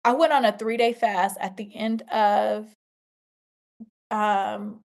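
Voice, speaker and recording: A woman's voice: medium pitch, fairly even intonation, slow, long pauses, a little mellow. Emphatic woman giving faith testimony. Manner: emphatic, repeats phrases like a preacher; talks straight to listeners, addressing them as y'all. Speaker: podcast host. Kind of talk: faith testimony podcast monologue.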